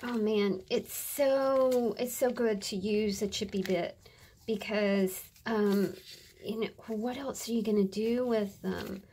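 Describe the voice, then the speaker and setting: A woman's voice: mid-range voice, slow pace, warm tone. A woman chatting casually through a crafting tutorial, muttering to herself and often dropping to a whisper as she works. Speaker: crafter demonstrating journal pages.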